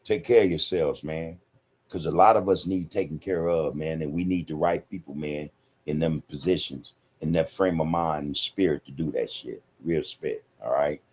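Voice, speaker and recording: A man's voice: very deep voice, moderate pace, a little mellow, breathy edge. A man hosting a casual livestream podcast and reading viewer comments. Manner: laid-back, laughs often, says "man" a lot. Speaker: podcast host reading live chat.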